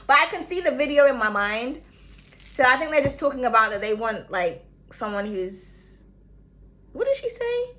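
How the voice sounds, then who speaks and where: A woman's voice: fairly high pitch, fairly bright tone. A woman giving a casual tarot reading, chatty and rambling, swearing freely and humming as she thinks. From outside the United States. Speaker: tarot reader.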